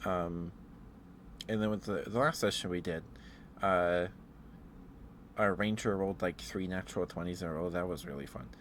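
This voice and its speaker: A man in a soft-spoken ASMR ramble, telling meandering stories with fillers and chuckles. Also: deep voice, steady tone, normal speed, long pauses, slight background noise. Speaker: ASMR streamer.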